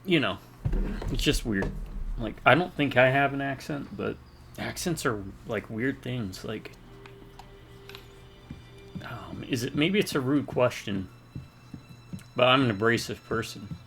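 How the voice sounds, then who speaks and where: A man's voice: mid-range voice, unhurried, gravelly, pauses often, fairly bright tone, soft background music. A man from the American South rambling casually while commenting on his gameplay. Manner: rambling, chatty, self-deprecating. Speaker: let's play gamer.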